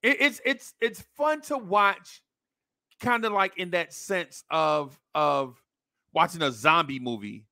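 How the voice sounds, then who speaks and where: A man's voice: a little high, expressive, slow, sharp tone, no echo, clean studio sound. A man hosting a podcast, delivering a blunt, mocking opinion rant full of slang. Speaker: podcast host.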